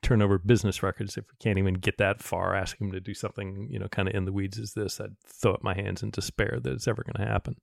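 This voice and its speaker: A man co-hosting a political podcast, talking in a casual, animated and indignant way, swearing freely. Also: lowish voice, fast, vocal fry, few pauses, dry recording, studio quality. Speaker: podcast co-host.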